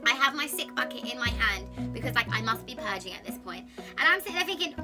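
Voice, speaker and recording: A young woman, telling a personal story to camera in a chatty, candid and expressive way, sitting on a sofa at home. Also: high-pitched, quick pace, over music. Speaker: vlogger.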